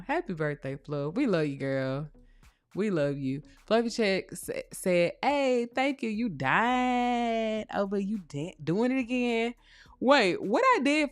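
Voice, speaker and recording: A woman's voice: mid-range voice, dry recording. Chatty woman host reading live chat. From Texas. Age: young adult. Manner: chatty, playful, teasing, laughs often; reads chat comments aloud. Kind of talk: casual live-stream chat. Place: home. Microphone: close microphone.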